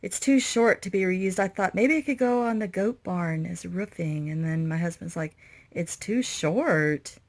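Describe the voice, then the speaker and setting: A woman renovating an old motorhome vlogs a rambling walkthrough straight to camera, audibly stressed, overwhelmed and anxious. She speaks at normal speed with a low, fairly even voice and barely pauses.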